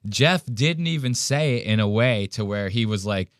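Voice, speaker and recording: A man hosting a podcast, mocking a clip with profane, animated reaction commentary. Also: fairly low pitch, moderate pace, smooth, dry recording, studio quality. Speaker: podcast host.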